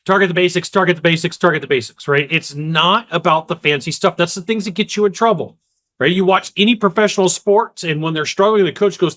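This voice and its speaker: A man giving an energetic solo talk of sales advice, emphatic and repetitive, now and then acting out the quick voices of other people. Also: a little high. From Kentucky. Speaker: sales coach.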